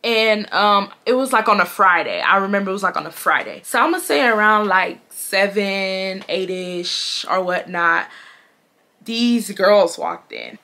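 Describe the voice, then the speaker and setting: A young woman from Houston, Texas tells a casual storytime in a bright, forceful voice. She talks chattily and with sass, slipping into imitations of the people she describes. Her pitch sits in an ordinary middle range for a woman. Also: lively intonation, measured pace. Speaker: vlogger.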